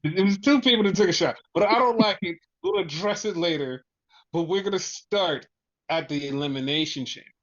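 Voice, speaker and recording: Man, podcast co-host, excited rambling, heavy swearing, dull lo-fi sound. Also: high-pitched, fairly quick. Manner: excited, profane, repetitive storytelling. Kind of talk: casual wrestling review chat.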